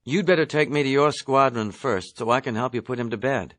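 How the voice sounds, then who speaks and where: A man voicing a fussy, anxious young male airman who keeps pleading and shouting warnings. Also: mid-range voice, a little fast, no room sound, clean studio sound, lightly acted. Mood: urging. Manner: pleading, increasingly alarmed shouting.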